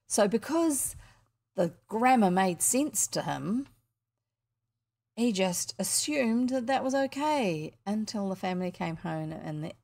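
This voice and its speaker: A woman's voice: medium pitch, gravelly, darkish tone. New woman reading a storybook aloud. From New Zealand. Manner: unhurried, chatty asides between chapters. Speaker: reader. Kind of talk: reading a children's book aloud with asides.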